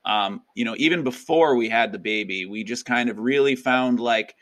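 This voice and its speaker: Upbeat chatty man with a bright voice. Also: mid-range voice, normal speed. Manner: upbeat, chatty, many fillers. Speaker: guest educator and author. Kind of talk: casual interview chat.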